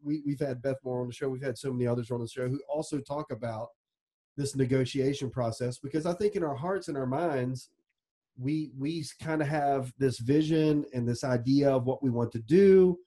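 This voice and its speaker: Warm mellow co-host guy, thinking out loud. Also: medium pitch, normal speed. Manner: reflective, thinking aloud. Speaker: podcast co-host. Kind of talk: interview chat.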